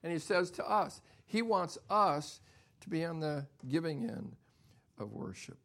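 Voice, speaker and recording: An older man preaches a sermon in a church. His voice is gravelly and bright, pitched a little high for a man. He drops into hushed, breathy asides, then builds to loud, emphatic preaching. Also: lively intonation, measured pace. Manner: swings from soft near-whispers to loud emphatic preaching. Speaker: pastor.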